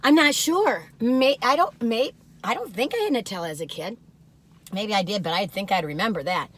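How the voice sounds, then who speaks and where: Sitting in her car, an older woman tastes cookies for her vlog and chats casually, gushing and giggly. She speaks at normal speed in a mid-range voice with lively intonation.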